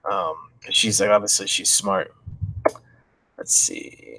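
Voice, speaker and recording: A man's voice: on the low side, steady tone, slow pace, pauses often, bright, forceful tone. A man reading chat logs aloud and commenting, thinking aloud and reacting with disbelief.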